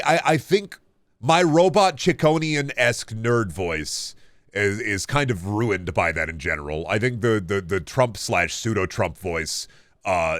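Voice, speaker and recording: A man's voice: a bit bright, no echo. Rambling profane young male streamer. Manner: rambling and profane, reacting to chat; pitch leaps up and down often. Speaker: game streamer. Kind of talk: casual live-stream chat while gaming.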